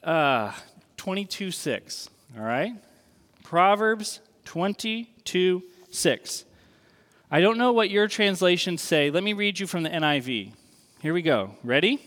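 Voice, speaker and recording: A man's voice: high-pitched, expressive, a little slow, a bit bright. A man preaching a sermon to a room of people, talking in a loose, conversational way and checking in with them often. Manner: conversational, checks in with the audience with frequent "okay?". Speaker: pastor. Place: church hall with an audience. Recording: reverberant hall.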